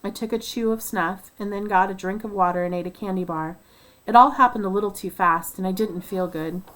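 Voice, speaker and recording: A woman reading a nonfiction book aloud at first sight, voicing first-person accounts and lifting her voice for quoted shouts. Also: mid-range voice, a little fast, rough recording. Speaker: audiobook reader.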